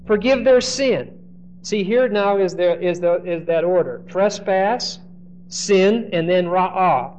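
High-voiced man preaching on a dull recording. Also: slow. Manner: animated, acts out quoted speech, repeats words when starting. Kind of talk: expository Bible teaching. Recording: dull lo-fi recording with faint hiss.

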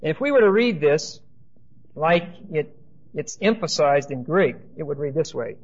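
A man's voice: fairly high pitch, expressive, moderate pace, highs cut off. A man preaching a sermon with emphasis and dry humor, speaking straight to his listeners.

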